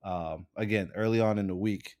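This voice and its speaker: A man's voice: fairly low pitch, normal speed, darkish tone, no echo, studio quality. A man co-hosting a sports podcast in a laid-back casual way, going over betting lines. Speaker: podcast co-host.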